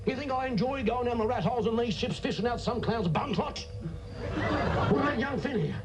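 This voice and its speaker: Play as a man a gruff, bossy ship's sewage worker who scolds the crew, a high voice that swings lower on every jab, over a noisy sketch soundtrack. His tone is blunt and lecturing. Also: animated, moderate pace. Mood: scolding. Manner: blunt, scolding, drops his voice low on insults.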